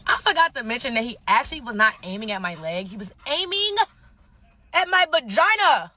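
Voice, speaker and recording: Lively, slangy young woman telling a story. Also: on the high side, fast, no room sound. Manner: slangy, profane, laughing often. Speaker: guest telling her story. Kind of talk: animated storytelling.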